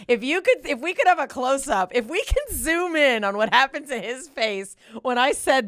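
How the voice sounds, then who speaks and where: A woman hosting a podcast in a playful banter game, her voice sitting fairly high and swinging up and down with animated energy. She teases, mocks herself and breaks into laughter often. The sound is close and dry. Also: moderate pace, no room sound. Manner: laughs often, teasing and self-mocking. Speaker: podcast host.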